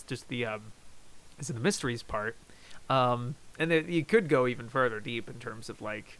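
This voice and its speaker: Rambling male video reviewer, smooth voice. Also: mid-range voice, pushed and bright. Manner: rambling, lots of fillers and restarts. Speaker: host reviewing YouTube videos. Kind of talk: casual chat.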